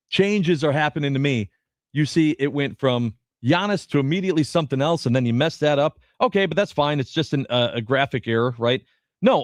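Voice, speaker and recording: A man co-hosting a sports radio show in casual talk, animated and given to quick restarts as he reads quotes aloud. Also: fairly high pitch, no room sound, clean studio sound.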